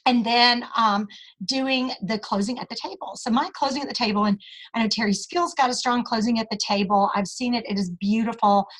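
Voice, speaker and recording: A woman giving a sales training talk, calmly walking the listeners through her script step by step. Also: on the high side, fairly quick, low-quality recording.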